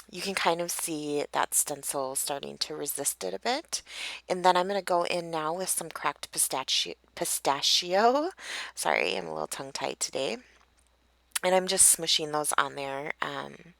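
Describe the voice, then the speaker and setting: A woman talks through her craft process at home in a relaxed, chatty way, giggling and correcting herself as she goes. Her voice sits low with a gravelly edge. The sound is close and dry. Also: dry recording, poor audio. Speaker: papercraft tutorial maker. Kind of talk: casual voice-over narration of a craft process.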